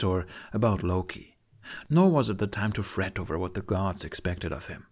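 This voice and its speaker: A man narrates a fantasy audiobook at a measured storytelling pace. His voice sits somewhat low, and he reads steadily and plainly. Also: darkish tone.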